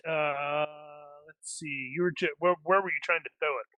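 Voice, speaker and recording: A man's voice: on the high side, fairly even intonation, normal speed, pushed and bright. A man acting as game master for a tabletop action game, talking in a rambling way with many restarts.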